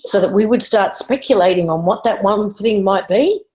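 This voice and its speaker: A woman with a mid-pitched voice co-hosts a live online show over a video call. She talks bluntly and animatedly, and swears casually. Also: normal speed, mellow, rough recording. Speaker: podcast co-host.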